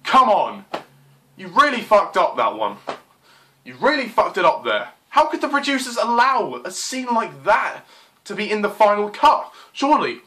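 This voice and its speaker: A film reviewer in full rant mode, a man who swears freely and keeps stumbling through fillers. His voice sits a little high and sounds bright and forward, and his pitch leaps around as he gets worked up. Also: a little hiss or hum. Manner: exasperated, swearing, lots of fillers.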